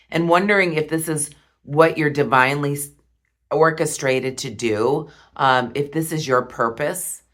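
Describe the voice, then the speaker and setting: A woman reading tarot cards, talking slowly and softly with heartfelt pauses. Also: sits low. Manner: slow, soft and heartfelt, with pauses. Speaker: tarot reader.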